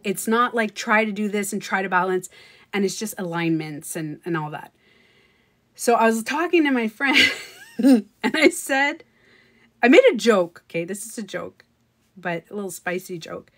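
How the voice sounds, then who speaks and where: A woman hosting a casual livestream, talking in a chatty, animated way, often laughing and acting out what others said. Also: mid-range voice, moderate pace, pauses often. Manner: chatty and animated, breaking into laughter and acted-out quotes. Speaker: livestream host.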